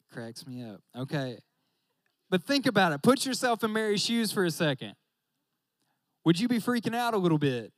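A man's voice: high voice, very animated, normal speed, pauses often, no room sound. A young man preaching a casual sermon, joking and talking straight to his listeners. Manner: joking, talks straight to the audience with "y'all".

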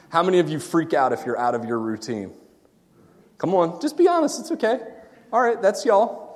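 Playful preacher guy, high animated voice, goes from quiet to shouting, echoey sanctuary. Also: a little fast. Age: adult, married. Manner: swings from quiet asides to shouted excitement; playful, laughs at his own jokes. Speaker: pastor. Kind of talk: sermon. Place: church sanctuary. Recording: long reverb in a church hall.

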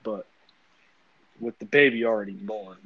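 A man in a casual chat, cutting in with excitable jokes. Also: on the low side, moderate pace, no echo. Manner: excitable, joking interjections. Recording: slightly dull lo-fi sound.

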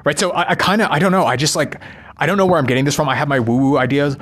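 Talking rapid-fire in a fairly high, somewhat bright voice, a man delivers a loose, profane monologue about films. He keeps tagging his thoughts with a questioning "right?".

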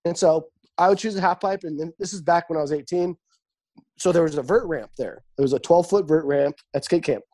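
A young man with a husky, slightly rough voice and a dark, mellow tone. He tells stories in casual chat, swearing freely and acting out every quoted line. The energy is lively and the delivery loose. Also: fairly high pitch, brisk. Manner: animated, swears freely, acts out quoted dialogue.

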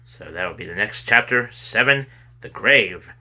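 Forceful low-voiced man reading a story. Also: moderate pace. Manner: expressive reading with sudden loud cries for characters. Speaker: storybook reader. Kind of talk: children's story read aloud.

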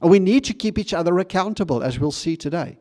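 A man's voice: sits high, lively intonation, fast, a little mellow. A man preaching a sermon in a conversational way, with frequent restarts and questions to the congregation. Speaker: pastor.

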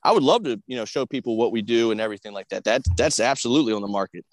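Quick, eager farmer with a dry voice. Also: male voice, mid-range voice, dry recording. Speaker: cattle farmer guest. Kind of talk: casual interview answers.

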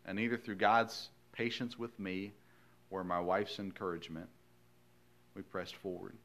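A male pastor preaching a sermon in a folksy, earnest storytelling way, swinging from hushed lines to loud emphasis. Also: deep voice, fairly even intonation, a little slow.

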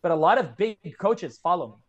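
A man's voice: sits high, expressive, a little fast, dull audio. A man in his twenties, a kettlebell coach, telling his story as a podcast guest in an earnest, heartfelt way. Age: 20s. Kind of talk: casual podcast conversation.

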